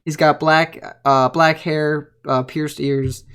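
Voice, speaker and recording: A man's voice: on the high side, flat delivery, takes it slowly, a bit bright, smooth. A man narrating a tabletop game as game master, moving between casual scene-setting and reading entries aloud.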